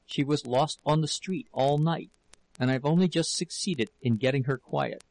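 A man reading the part of a frightened, protective woman in an audiobook, speaking in a hushed, hurried way. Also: medium pitch, natural voice. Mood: anxious, hushed.

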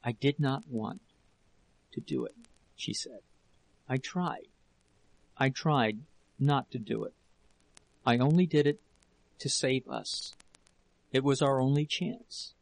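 A man's voice: mid-range voice, takes it slowly, vocal fry, long pauses, a little mellow, husky, heavily acted, rough recording. A man voicing a desperate pleading wife. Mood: broken confession. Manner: pleading, breaking into whispers.

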